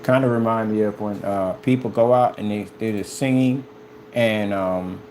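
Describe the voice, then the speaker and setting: A man's voice: on the low side, steady tone, normal speed, a little mellow, slight background noise. A businessman ranting at the camera, confrontational and mocking, repeating himself as he goes. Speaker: business owner.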